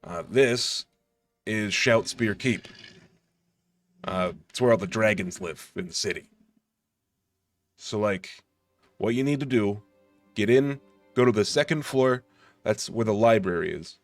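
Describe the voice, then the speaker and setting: A man's voice: fairly low pitch, measured pace, long pauses, no room sound, soft background music. A man voicing an evasive male mission handler who halts and dodges questions while briefing a crew in a tabletop game.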